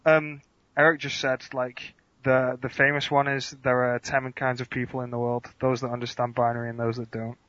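Deadpan man on a podcast. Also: mid-range voice, normal speed, no room sound, dull audio. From England. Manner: dry, deadpan humor. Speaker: podcast guest. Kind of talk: casual chat, answering quick-fire questions.

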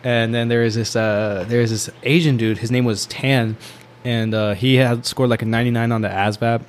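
A young man with a voice at a middling pitch tells a long story in a loose, casual way. He piles up fillers and restarts and breaks into laughter as he goes. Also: fairly even intonation, moderate pace, slight background noise. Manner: rambling, filler-heavy, laughs while telling.

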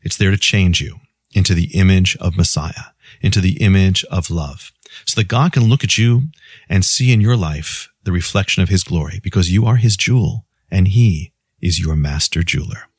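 Low-ish guy doing a radio sermon spot, tells a story then pushes free gifts hard. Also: normal speed, slightly rough, no room sound, studio quality. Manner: warm storytelling with emphatic sales-pitch offers. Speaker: radio preacher. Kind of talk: scripted devotional broadcast.

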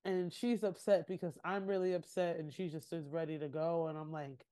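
A woman's voice: on the low side, moderate pace, few pauses, clear, resonant tone. A young adult woman co-hosting a podcast, recapping a show in casual chat and acting out quotes with laughter. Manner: animated, acts out quotes with laughter. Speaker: podcast co-host.

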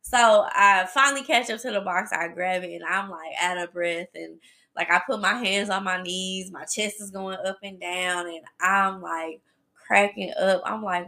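A woman hosting a podcast, telling a personal story in a chatty, animated way and talking straight to her listeners. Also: mid-range voice, normal speed, gravelly. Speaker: podcast host. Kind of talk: casual storytelling.

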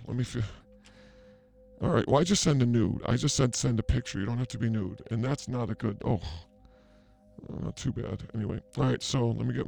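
Man doing a crude fake psychic, brash rambling banter, comedy sketch, gravelly fry, middle pitch. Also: a little mellow, natural voice. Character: brash flirty male fake psychic healer. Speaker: comedy show host.

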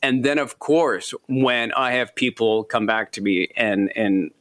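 A man, an author being interviewed, telling stories in a lively, self-deprecating way and laughing often. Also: mid-range voice, a little slow. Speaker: author guest. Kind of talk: casual interview chat.

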